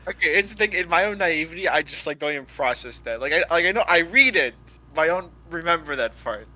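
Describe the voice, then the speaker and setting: A man in a casual book club chat, chiming in with quick jokes and questions. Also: on the high side, animated, bright, forceful tone, low-quality recording. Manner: quick joking interjections.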